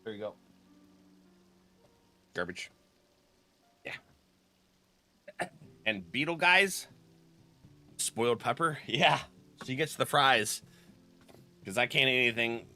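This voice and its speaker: Brief: male game streamer, bright forceful tone, chatty, laughs a lot, faint music underneath. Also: mid-range voice, lively intonation, slow, pauses often. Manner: chatty, laughs often, clears throat. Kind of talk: casual live-stream chat.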